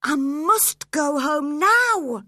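A woman voices a spirited young heroine in a storybook reading, her voice pitched higher and full of earnest feeling. The delivery is lively and bright, and it moves at a slow pace. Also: dry recording, clean studio sound, exaggerated voice. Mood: earnest, pleading. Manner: high, earnest and emotional.

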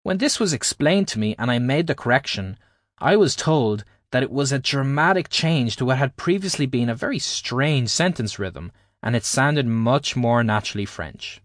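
A man from Ireland, reading his own language-learning book aloud in a clear, explanatory teaching manner. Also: mid-range voice, lively intonation, normal speed, no echo, studio quality. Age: adult, at least 20s. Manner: explanatory, carefully paced teaching delivery. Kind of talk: scripted audiobook narration.

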